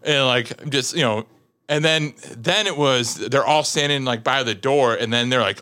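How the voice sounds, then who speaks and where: A man's voice: mid-range voice, normal speed. A man in his thirties telling a long anecdote in casual chat, laughing often and saying "like" a lot. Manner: animated storyteller, laughs often, many "like" fillers. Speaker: podcast guest.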